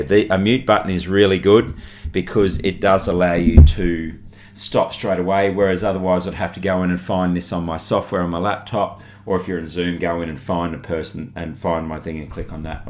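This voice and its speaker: Low-voiced man chatting through gear. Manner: chatty and relaxed, thinking aloud as he demonstrates gear. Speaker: blogger reviewing microphones. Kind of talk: casual product walkthrough.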